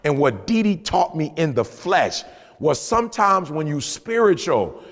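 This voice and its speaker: A podcast co-host with a slightly high voice shares motivational stories at a measured pace in a large hall. He talks in slangy, casual language and animates his storytelling by acting out other people's voices.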